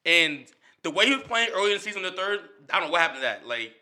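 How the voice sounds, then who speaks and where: A man's voice: high-pitched, sing-song, racing, pushed and bright. A man in a casual sports debate who talks animatedly, laughs often and repeats himself.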